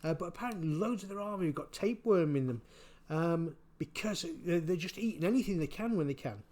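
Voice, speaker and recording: A man giving casual spoken commentary, halting and repeating his words, chuckling often. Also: high-pitched, lively intonation, darkish tone. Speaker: vlogger.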